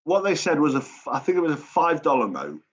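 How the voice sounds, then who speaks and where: A man's voice: on the high side, wildly swooping pitch, fairly quick, breathy edge. A man hosting a live chat stream, talking casually in a blunt, sweary and rambling way. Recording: dull lo-fi stream audio.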